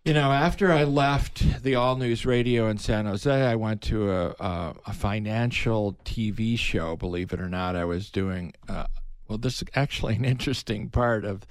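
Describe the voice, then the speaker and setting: An older man, a veteran broadcaster, telling animated stories in a casual interview, his voice jumping up when excited. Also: moderate pace, no room sound. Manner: animated storyteller, pitch jumps up when excited. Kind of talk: reminiscing in casual conversation.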